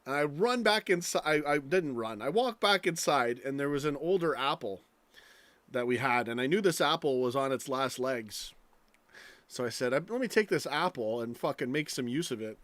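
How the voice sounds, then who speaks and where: A man's voice: medium pitch, fairly bright tone, no room sound. A man hosting a live stream, ranting angrily with lots of swearing and rambling stories. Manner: angry, profane, rambling rant.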